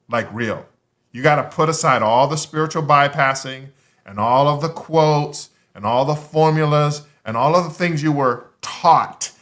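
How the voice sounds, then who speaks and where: A man giving a motivational talk, emphatic and conversational, with punchy repeated lines and drawn-out pauses. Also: a little high, a bit bright. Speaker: motivational speaker.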